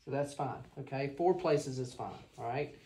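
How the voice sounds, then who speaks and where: A woman's voice: rumbling low, normal speed, mellow, slight background noise. A woman, teaching a physical exam to a class and checking in with her students as she demonstrates. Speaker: clinical instructor.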